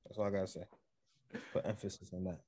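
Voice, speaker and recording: A man's voice: deep voice, fairly even intonation, fast, mellow. A man co-hosting a casual sports podcast, laid-back, laughing easily and repeating his points for emphasis. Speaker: podcast co-host.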